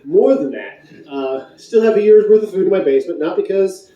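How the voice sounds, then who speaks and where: A man from Michigan, USA, with a high, mellow voice and lively intonation, gives a joking live talk at normal speed in a conference hall. Playful and full of puns, he chats with the crowd, and the lo-fi recording captures him from far off in the echoey hall.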